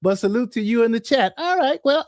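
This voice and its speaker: Animated high-voiced man hosting a livestream. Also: fairly quick, dry recording, clean studio sound. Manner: animated, self-mocking, laughs often. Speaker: livestream host. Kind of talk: casual livestream chat.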